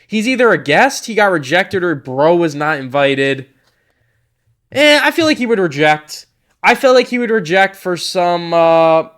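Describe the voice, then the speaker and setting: A young man talks through a tier list in a loose, joking way. His voice sits a bit high, and he rambles, restarts and laughs at his own lines. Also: a bit bright, clear, resonant tone. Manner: rambling, jokey, self-interrupting. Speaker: commentator. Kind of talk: casual tier-list commentary.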